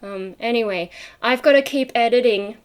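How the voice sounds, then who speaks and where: A woman's voice: fairly high pitch, moderate pace. A young woman talks straight to her camera in a loose, rambling vlog. She drifts from one tangent to the next, peppering her sentences with ums and likes. She laughs easily as she chats. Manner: chatty, laughs often while talking. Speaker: vlogger. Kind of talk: casual rambling chat to camera.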